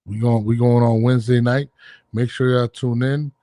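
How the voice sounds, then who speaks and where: Easygoing podcast host, dry sound. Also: male voice, medium pitch, steady tone, normal speed, mellow, dry recording. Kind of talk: casual podcast chat.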